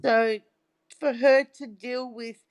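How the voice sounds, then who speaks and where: Slow, chatty middle-aged woman. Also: on the high side, steady tone, clean tone. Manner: chatty storyteller, tags lines with "right?". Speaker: guest. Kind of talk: casual interview chat.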